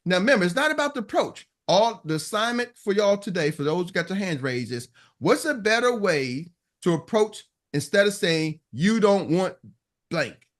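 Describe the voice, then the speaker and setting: A man's voice: sits high, sing-song, normal speed. A man leading a motivational sales coaching call, talking emphatically, repeating himself and acting out what customers say.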